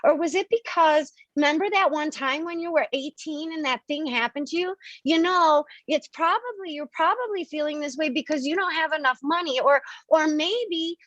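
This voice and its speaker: A woman's voice: high-pitched, moderate pace, few pauses, fairly bright tone, dry recording, muffled recording, voice pushed up. A woman acting out a fussing analytical inner self that pesters with guesses in a raised voice. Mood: probing.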